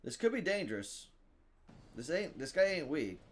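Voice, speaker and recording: A man giving live commentary on his own game, thinking out loud, reading card text aloud and bursting into loud cheers. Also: a little high, very animated, moderate pace. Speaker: gameplay streamer.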